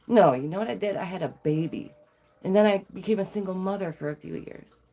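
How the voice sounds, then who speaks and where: A woman vlogger telling stories to her viewers in a sassy, animated way, laughing often. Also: mid-range voice, normal speed. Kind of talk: casual storytelling to viewers.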